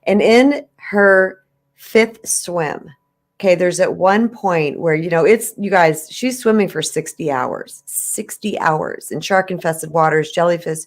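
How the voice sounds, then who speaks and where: Low-voiced middle aged woman, gets emotional telling a story, podcast chat. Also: a little slow.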